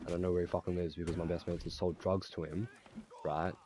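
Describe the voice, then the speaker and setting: A man's voice: sits low, level tone, fast, noisy background. A young man with an Australian accent, ranting profanely and rambling while he plays a game. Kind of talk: casual rant while gaming.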